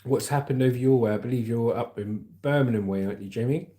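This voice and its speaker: A man's voice: mid-range voice, quick pace, dark tone. Chatty man in an echoey room. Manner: chatty, rambling, calls viewers "mate". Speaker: livestream news host. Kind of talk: casual livestream chat and news reading.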